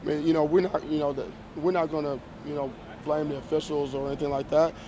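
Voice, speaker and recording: A man answering reporters as a college football head coach after a game, measured and emphatic, often restarting and repeating phrases. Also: on the high side, flat delivery, mellow, slight background noise. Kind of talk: post-game press conference.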